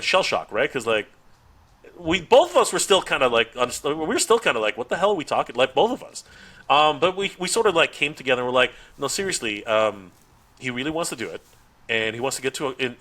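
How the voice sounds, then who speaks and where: Animated bright-voiced man telling a story. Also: medium pitch, quick pace. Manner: animated, acts out quoted dialogue, laughs often, frequent restarts. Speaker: podcast guest, toy YouTuber. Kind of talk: casual storytelling chat.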